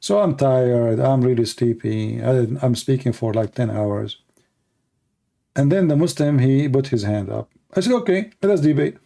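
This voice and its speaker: This livestream host keeps a measured pace, his mid-range voice creaky and mellow. Hours of talking have tired his voice as he delivers a rambling, combative, mocking monologue off the cuff.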